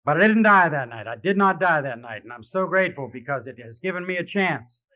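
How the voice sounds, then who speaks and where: A man giving a live personal testimony speech at a convention, wry and self-mocking, growing halting and emotional with many restarts. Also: fairly high pitch, expressive, sharp tone. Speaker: speaker sharing his recovery story. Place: convention hall. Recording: dull lo-fi archival recording.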